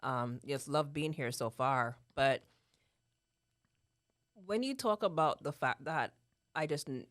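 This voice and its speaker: A woman's voice: sits low, animated, slow, long pauses, fairly bright tone, no room sound, clean studio sound. A woman in her thirties from Jamaica with a Jamaican accent, talking earnestly in a casual chat and often asking "right?". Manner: earnest, repeats herself, laughs often, tags "right?". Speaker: guest speaker. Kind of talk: casual talk.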